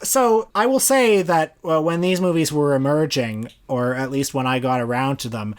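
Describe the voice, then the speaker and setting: A man co-hosting a film podcast, speaking in a dry, measured, wry way in casual discussion. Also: a little high. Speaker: podcast co-host.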